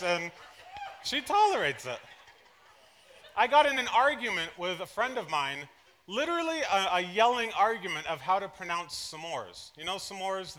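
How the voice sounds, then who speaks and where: During a church service, a pastor with a high-pitched voice preaches to his congregation, animatedly sharing personal anecdotes. He slips into soft asides before bursting out loudly with excitement. There is slight background noise.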